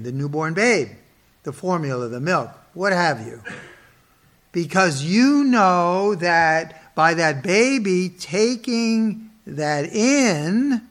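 A man's voice: high voice, a bit bright. A man preaching to an audience, stressing word lists and asking questions he then answers himself. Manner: expository preaching with rhetorical questions; slow, emphatic listing of words. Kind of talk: sermon. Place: in front of an audience.

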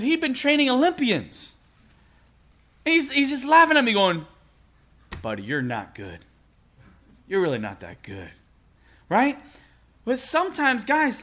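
A man's voice: very high voice, a bit bright. A middle-aged man preaching a sermon as a pastor, in a conversational storytelling manner with frequent laughs.

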